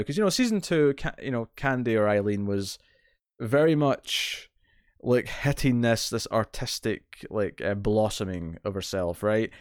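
A podcast co-host with a lowish, clear, resonant voice rambles through a TV episode recap in relaxed chat, full of fillers and restarts. The recording is dry, clean studio sound.

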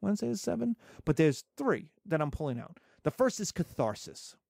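A man in his fifties giving a classroom lecture, animated and jokey, with digressions along the way. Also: fairly high pitch, a little fast, vocal fry, no echo, studio quality. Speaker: teacher.

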